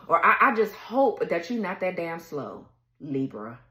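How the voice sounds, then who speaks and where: A woman's voice: lowish voice, sing-song, moderate pace, sharp tone, reverberant, poor audio. A woman giving a tarot reading in a blunt, heated rant, cursing freely and laughing between her words. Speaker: tarot reader. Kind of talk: casual ranting tarot reading.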